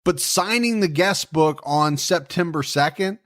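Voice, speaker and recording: This man's voice is a little high and a bit bright, with a measured pace, as he co-hosts a true-crime podcast. He walks through the case in a relaxed, jokey style, adding asides along the way.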